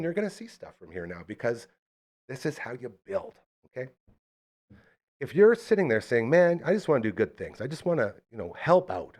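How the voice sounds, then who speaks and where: A man hosting a live local podcast, chatting casually and launching into hyped ad reads. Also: mid-range voice. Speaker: podcast host. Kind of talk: casual live-stream chat.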